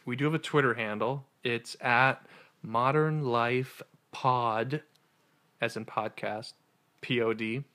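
A man co-hosting a casual podcast chat, rambling and laughing often as he gets excited. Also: mid-range voice. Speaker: podcast co-host. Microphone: studio podcast mic.

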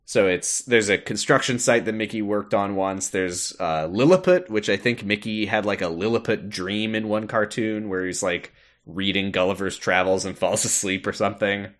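A man's voice: fairly low pitch, steady tone, moderate pace. Laughing man recapping a game casually. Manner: laughs often, puts on cartoon voices when quoting. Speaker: podcast co-host.

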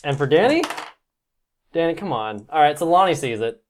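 A woman with a low voice runs a tabletop game for friends. She jokes and teases her players between rulings. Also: lively intonation, background noise. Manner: joking, teasing, quick asides. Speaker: game master.

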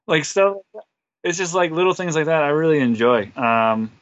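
A man's voice: fairly high pitch, lively intonation, moderate pace, no room sound, lo-fi sound. A man on a podcast as a guest, telling a rambling, self-deprecating story full of fillers. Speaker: podcast guest, wrestler and musician. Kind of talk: casual interview storytelling.

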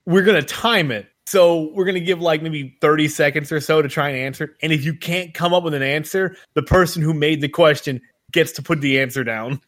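A man's voice: fairly high pitch, brisk, hardly any pauses, a bit bright. A man co-hosting a podcast, joking and telling stories in casual chat. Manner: joking, laughs easily, storytelling. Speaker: podcast co-host.

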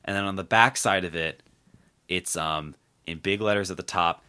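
A man hosting a podcast, chatting casually and rambling through loose thoughts with plenty of fillers and false starts. His voice sits on the low side yet has a bright, forceful edge. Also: moderate pace, smooth. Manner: rambling, heavy on fillers and restarts. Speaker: podcast host. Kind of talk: casual political chat.

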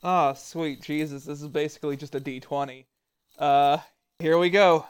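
A man's voice: on the high side, fairly even intonation, moderate pace, smooth. A man playing a tabletop game, musing aloud and swearing at bad rolls. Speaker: player. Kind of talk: casual tabletop play.

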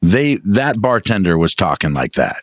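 Very deep-voiced man from Alaska. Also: moderate pace, no echo. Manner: relaxed, agreeable, lots of yeahs. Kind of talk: casual chat.

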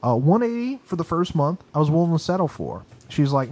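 A man's voice: fairly high pitch, big pitch swings, brisk, darkish tone. A man on a podcast in a recording studio, telling a long story as a casual rant that is agitated, profane and emphatic. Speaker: podcast co-host.

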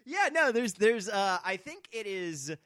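Dude co-hosting a podcast, bright voice that swings around, goofy and teasing, dry sound. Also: male voice, high-pitched, big pitch swings, unhurried, no room sound. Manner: goofy, laughing, playful teasing. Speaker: podcast co-host. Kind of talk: casual podcast chat.

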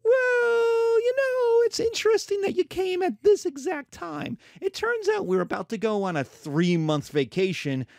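Brief: snooty gatekeeper official played by a male lecturer, falsetto, condescending, dry sound. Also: sing-song, a little slow, creaky, few pauses, dry recording, exaggerated voice. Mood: mock-polite. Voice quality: high, strained falsetto. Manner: mock-polite, dismissive. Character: snooty male ancient librarian official, dismissive.

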